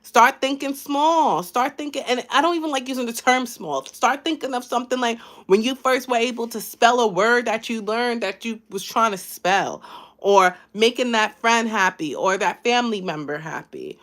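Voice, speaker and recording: A woman's voice: fairly high pitch, normal speed, fairly bright tone. Chatty woman life coach on a live stream. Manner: chatty and encouraging, thanks viewers by name. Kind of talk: casual motivational live chat.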